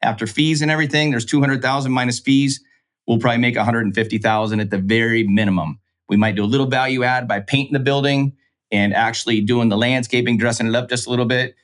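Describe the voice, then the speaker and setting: A man's voice: medium pitch, quick pace. A man, a real estate investor guest, telling a business story in casual talk and acting out the voices of the people in it. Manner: animated, acts out quoted dialogue.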